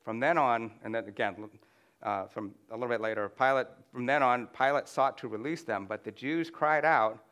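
A man's voice: medium pitch, moderate pace, a bit bright, clean tone. A man preaching a conversational sermon to a room, reading scripture aloud and often restarting with "you know.". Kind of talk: sermon with slides.

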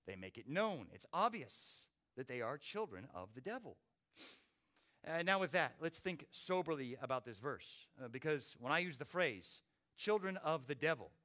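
A man's voice: fairly high pitch, bright, forceful tone. A man preaching a sermon with dramatic rises and drops in volume. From not from Australia. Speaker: pastor.

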